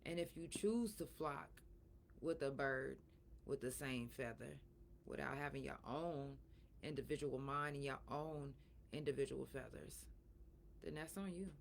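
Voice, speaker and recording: Middle-aged woman host, low gravelly tone, preachy and blunt, a little pained, faint noise floor. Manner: emphatic, preachy and frank. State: in pain after surgery, soft and breathy at times. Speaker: podcast host. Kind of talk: casual solo talk.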